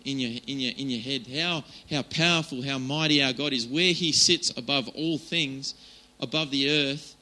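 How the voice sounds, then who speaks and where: A man's voice: mid-range voice, moderate pace, few pauses, bright, forceful tone, rough recording. A man giving an informal, chatty sermon, with many fillers and restarts. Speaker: preacher.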